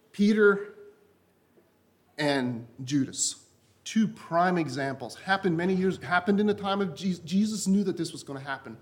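Before his congregation, a man delivers an impassioned, repetitive sermon, frequently dropping his voice to something soft and low.

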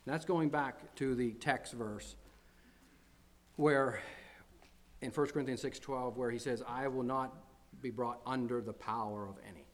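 A man's voice: medium pitch, steady tone, measured pace, pauses often. A man preaching as pastor to his congregation, earnest, often repeating phrases and building to emphatic declarations. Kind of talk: sermon.

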